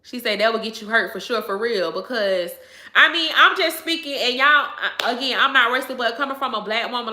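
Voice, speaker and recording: A woman hosts a casual livestream, answering viewers in a bright, forceful, slightly high voice at a somewhat fast clip. She's emphatic, laughs often, and keeps returning to the same phrases, all in an echoey room.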